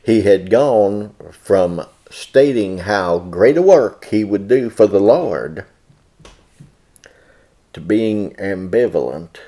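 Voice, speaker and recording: A man preaching a sermon in a church, who often rises sharply in pitch and loudness. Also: animated, slow pace. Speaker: pastor.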